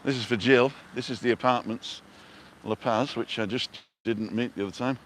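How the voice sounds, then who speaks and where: A man's voice: medium pitch, fairly even intonation, moderate pace, fairly bright tone, a little hiss or hum. A man hosting a casual live walking vlog outdoors, chatting and greeting viewers by name as he goes. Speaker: vlog host on a live stream. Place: outdoors on a town street and park.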